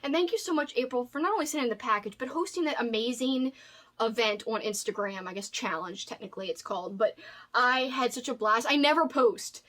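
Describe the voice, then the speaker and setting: A woman's voice: fairly high pitch, brisk, a bit bright. A woman in her thirties chatting casually on a home vlog, gushing and rambling as she unboxes book mail. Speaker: booktuber.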